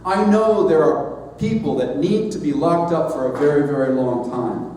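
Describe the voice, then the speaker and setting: A man's voice: on the high side, darkish tone, slight background noise. Earnest man speaking in an echoey hall. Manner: measured, earnest, with emphatic pauses. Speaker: society leader giving a platform address. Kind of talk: sermon-style address. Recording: echoey hall, mic at a distance.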